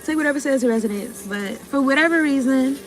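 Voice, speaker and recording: A woman's voice: high-pitched, fast talker, noisy background. A woman giving a casual tarot reading to her viewers, rambling, cutting herself off mid-thought and talking in slang with some swearing. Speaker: tarot card reader.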